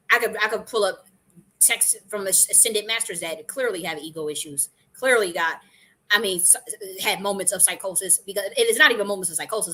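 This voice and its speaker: A woman's voice: medium pitch, a bit bright. A woman hosting a live-streamed spiritual talk, speaking casually and animatedly, swearing freely and acting out quoted voices. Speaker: host.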